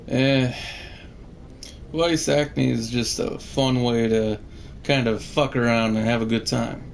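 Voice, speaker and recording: A man's voice: medium pitch, steady tone, takes it slowly, gravelly, long pauses, a little hiss or hum. A man giving casual, rambling gameplay commentary, swearing freely and laughing often. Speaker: gamer, channel host.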